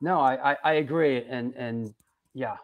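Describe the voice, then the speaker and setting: A man hosting a live chat show, reading out viewer questions and chiming in with quick agreement. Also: mid-range voice, phone-quality sound. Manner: quick agreeing interjections and laughs.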